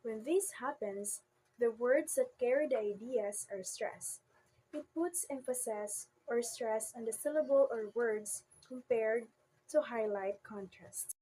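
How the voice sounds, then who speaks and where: A woman's voice: a little high, slow pace, mellow, slight background noise, low-quality recording. A woman presenting a classroom lesson, reading definitions aloud and demonstrating word stress in example sentences. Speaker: student presenter.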